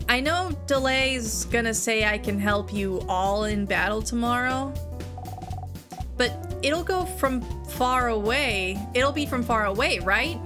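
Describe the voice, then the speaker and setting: Lady doing a scared eager kid, stammery, slow and high. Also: animated. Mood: earnest. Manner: stammering, pleading. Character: young child, eager but scared and touchy. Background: game music.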